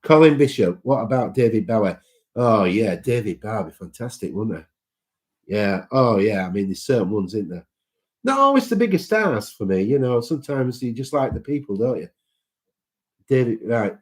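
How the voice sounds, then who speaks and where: A man's voice: lowish voice, moderate pace, darkish tone. A man hosting a casual live chat, reading out viewer comments and greeting people by name in a sentimental way.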